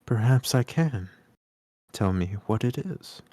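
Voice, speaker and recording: A man's voice: mid-range voice, expressive, takes it slowly, dark tone, no room sound. A man voicing a sweet, gracious little female mouse princess while reading a storybook aloud. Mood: gentle.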